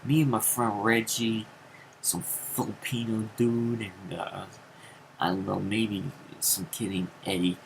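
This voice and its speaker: A man telling a rambling story in a casual vlog, with many fillers and sudden jumps into high acted quotes. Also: level tone, a little slow, vocal fry, a little hiss or hum, rough recording. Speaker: vlogger.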